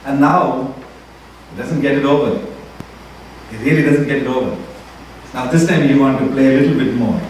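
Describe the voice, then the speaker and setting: A man's voice: medium pitch, moderate pace, long pauses. A man preaching a sermon as pastor, retelling a story with acted-out quotes. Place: church sanctuary. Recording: echoey church hall, mic from far off, faint room noise.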